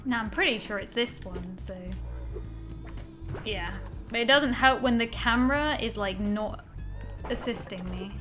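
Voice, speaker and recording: A woman's voice: a little high, unhurried, pauses often, fairly bright tone, faint music behind. A young woman giving casual gameplay commentary, exasperated, swearing often and talking to herself. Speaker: gaming channel host.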